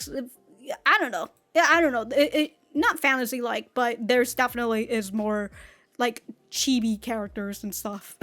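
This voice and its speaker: A woman with a high voice hosts an anime reaction video in loose, casual chat. She rambles and giggles, and her sentences stall and restart as she thinks aloud. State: running out of breath.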